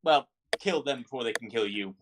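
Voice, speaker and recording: A man running a tabletop game and answering in character, halting often with fillers and restarts. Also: mid-range voice, noisy background. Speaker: game master.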